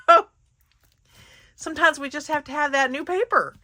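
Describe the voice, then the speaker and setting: A woman's voice: sits high, unhurried, pushed and bright, slight background noise. A woman hosting her craft channel, chatting casually and giggling through a paper haul with lots of fillers. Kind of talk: casual haul video chat.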